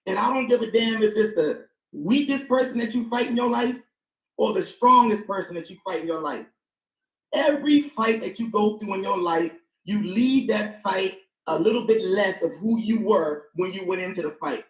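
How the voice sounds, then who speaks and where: Emphatic high-voiced man in echoey room. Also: moderate pace. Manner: emphatic, repeats points for stress. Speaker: panel guest. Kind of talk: casual panel discussion.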